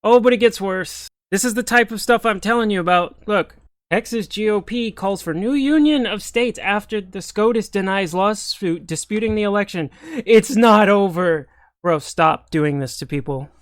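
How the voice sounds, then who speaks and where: Exasperated sarcastic man, high voice. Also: moderate pace, dry recording. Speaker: political commentary host. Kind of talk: ranting commentary on comments and clips.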